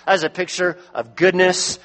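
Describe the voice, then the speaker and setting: A man's voice: high-pitched, flat delivery, normal speed, a bit bright. A man preaching a sermon as pastor, emphatic, his voice rising when he presses a point home.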